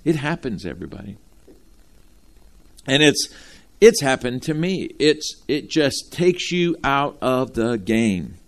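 A man preaching a sermon from Ohio, animated and folksy, calling out to his congregation. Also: medium pitch, takes it slowly. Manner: animated, talks straight to the congregation with folksy asides. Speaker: pastor.

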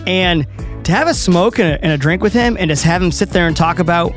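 A man's voice: high voice, expressive, a little fast, faint music behind. A man co-hosting a casual sports talk show, reading sponsor spots with upbeat enthusiasm. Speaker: co-host.

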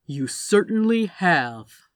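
A woman voicing a stern, cold male boss who talks in a slow, clipped, menacing way. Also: fairly low pitch, big pitch swings, no room sound, studio quality. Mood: cold menace.

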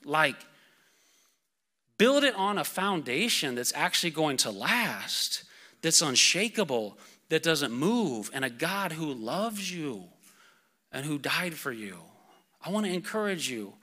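A man preaching a sermon to his church, reading scripture and speaking casually with lots of fillers, getting excited and then calming down. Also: slow pace. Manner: excitable, casual fillers, builds to shouts then drops low. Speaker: pastor.

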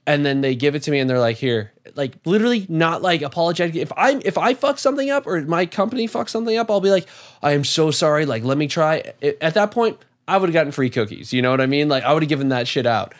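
A man in casual chat, telling an animated story with lots of swearing and filler words. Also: fairly high pitch, fast, few pauses. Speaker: podcast guest.

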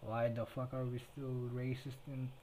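Solo podcast host, late-teen Filipino guy, warm low tone, rambling and profane. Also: little pitch movement, measured pace, a little hiss or hum, poor audio. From Philippines. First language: Tagalog. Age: late teens. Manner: heavy swearing, rambling with restarts.

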